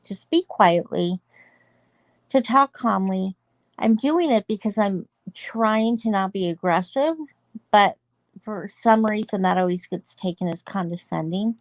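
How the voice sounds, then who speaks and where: A woman of middle pitch, talking earnestly and with feeling about an online dispute. She slips in small laughs between points, and the sound is dry and close. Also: a little slow, no room sound. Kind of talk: casual chat about online drama.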